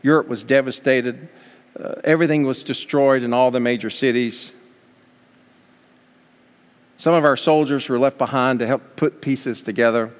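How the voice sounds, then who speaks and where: A man's voice: medium pitch, steady tone, moderate pace, pauses often. A man preaching a sermon as pastor, from the United States, building to fervent emphasis. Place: church sanctuary. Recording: long hall reverb.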